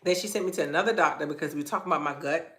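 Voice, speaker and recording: Woman, low voice, echoey room, coach, animated storytelling, casual phrasing. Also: racing. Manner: animated storytelling, acts out quoted voices in a much higher pitch. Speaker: wellness coach and host. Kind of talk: live-streamed personal story talk.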